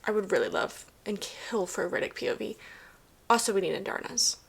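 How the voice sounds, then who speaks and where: A woman's voice: medium pitch, lively intonation, fairly quick, vocal fry, breathy edge. A young woman vlogging about a book series, talking casually with lots of fillers and sometimes dropping to a whisper while reading. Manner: chatty, filler-heavy, often drops to a whisper while reading. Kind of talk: casual reading vlog commentary.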